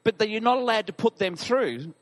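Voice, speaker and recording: A pastor with a high, light voice tells a story in a sermon. His delivery is animated, and he often pokes fun at himself. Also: brisk. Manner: animated, self-deprecating storytelling.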